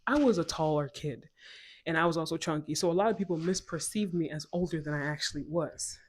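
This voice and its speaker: A woman in her twenties from West Africa, telling a personal story to her viewers in a chatty, animated way, laughing often and going off on asides. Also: low-pitched, brisk, breathy edge. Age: 20s. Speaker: storytime vlogger. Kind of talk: casual storytelling to camera.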